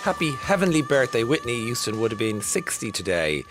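A man's voice: mid-range voice, big pitch swings, a little fast, over music. An Irish man in his fifties hosting a casual radio show from a studio booth, reading listener texts with jokey, self-mocking asides. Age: 50s. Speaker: radio host.

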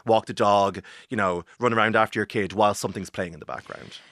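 Bright-voiced man chatting. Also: fairly low pitch, fairly even intonation, no room sound, studio quality. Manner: chatty, fast-flowing with many likes. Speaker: author and guest. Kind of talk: casual interview chat.

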